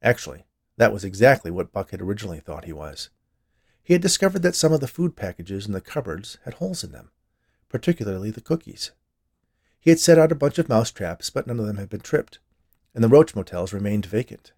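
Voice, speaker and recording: Brief: male podcast storyteller, lower voice, expressive scripted narration. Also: fairly quick, vocal fry.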